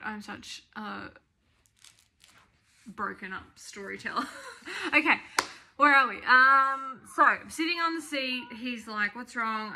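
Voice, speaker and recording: A young Australian woman tells a personal story to camera in a loose, chatty vlog style. Her voice is bright and forward, and she rambles from one aside to the next. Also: medium pitch, gravelly. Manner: chatty and rambling, often breaks off to talk to her baby and dogs. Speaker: vlogger.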